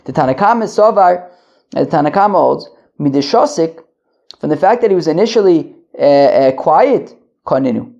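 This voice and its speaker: Halting man teaching Talmud, slightly gravelly. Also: on the high side, lively intonation, darkish tone, lo-fi sound. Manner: halting, many restarts and fillers, Yiddish-flavored study terms. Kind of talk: daily Talmud lesson, translating line by line. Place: pacing at the edge of a wedding hall.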